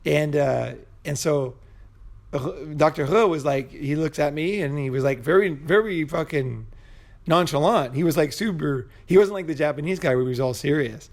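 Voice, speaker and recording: A man's voice: on the high side, moderate pace, vocal fry, darkish tone. A man vlogging a casual, rambling personal story, swearing freely and checking in with "you know" and "right?". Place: Bangkok.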